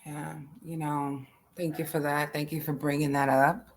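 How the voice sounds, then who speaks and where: A woman's voice: deep voice, flat delivery, moderate pace, slight background noise. A woman speaking as an interview guest, earnest and emphatic, often repeating her phrases. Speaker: interview guest, autism advocate. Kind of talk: emotional interview talk.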